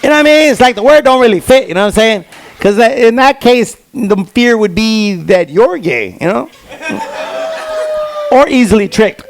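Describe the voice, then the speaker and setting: Male stand-up comic, high voice, gravelly, animated storytelling, stage mic. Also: normal speed. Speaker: stand-up comedian. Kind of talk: stand-up comedy set. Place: comedy stage before a live audience.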